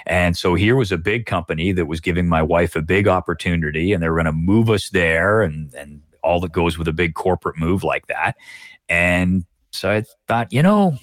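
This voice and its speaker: Middle-aged Canadian man, low voice, dry close sound, measured storyteller, podcast guest. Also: no echo. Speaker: guest broadcaster.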